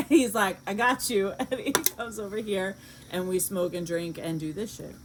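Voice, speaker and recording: A woman's voice: mid-range voice, expressive, a little slow, noisy background. A middle-aged woman with a New York accent, chatting casually and bluntly as a podcast co-host, laughing easily and swearing. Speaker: podcast co-host, massage therapist. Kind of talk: late-night casual chat.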